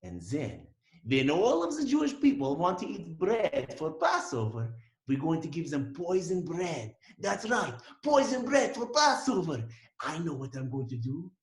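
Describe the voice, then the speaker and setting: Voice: mid-range voice, wildly swooping pitch, measured pace, pitched below the performer's own voice. A teacher voicing a scheming villainous man who plots with poison bread, in a children's story. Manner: gloating, plotting. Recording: roomy echo.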